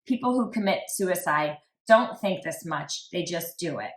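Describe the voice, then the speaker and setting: A casual, measured-paced woman with a fairly low voice hosts a true crime podcast and reads text messages out loud. Quotes are flat, "like" asides pop up constantly, and the sound carries a roomy echo.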